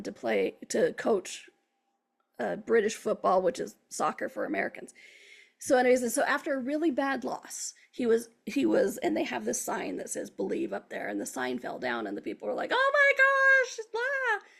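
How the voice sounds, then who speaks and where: A woman hosting a self-help show, her voice heavy with gravelly fry and a husky grain. She sits a bit above the usual pitch for a woman and talks to her audience in an upbeat, encouraging way. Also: a little mellow. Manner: upbeat, encouraging, addresses listeners directly. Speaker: host. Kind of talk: motivational self-help talk.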